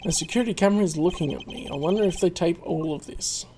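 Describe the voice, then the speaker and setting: A man's voice: sits high, fast, darkish tone, slight background noise. A man hosting a casual let's play, chatting and reading game text aloud.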